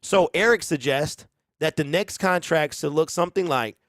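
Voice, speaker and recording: A man's voice: on the high side, normal speed, fairly bright tone, dry recording, studio quality. A man hosting a sports talk show, giving rambling, conversational commentary with emphatic opinions.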